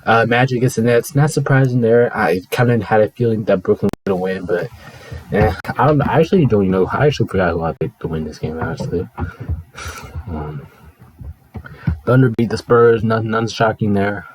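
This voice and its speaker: A man's voice: on the low side, fairly quick, a little mellow, a little hiss or hum, low-quality recording. A man hosting his own video, talking through sports results in a casual, offhand, chatty way.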